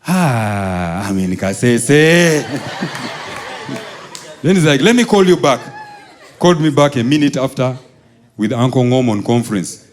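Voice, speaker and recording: A male stand-up comedian from Uganda tells school stories live on stage. He acts out the people in them, jumping up high for excited voices and sinking low and quiet for threats. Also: a little slow, pauses often. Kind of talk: stand-up storytelling. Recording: live show with audience laughter.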